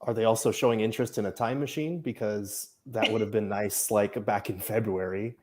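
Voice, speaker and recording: A man co-hosting a sports podcast in a joking way, quick with a wisecrack. His voice sits low, with a relaxed, offhand delivery. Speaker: podcast co-host. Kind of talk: casual sports podcast chat.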